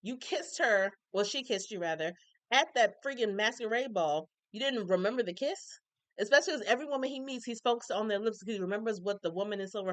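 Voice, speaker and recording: A woman recapping a TV episode in casual chat, opinionated and animated, acting out characters' lines with colloquial asides. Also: medium pitch, dry recording. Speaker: recap reviewer.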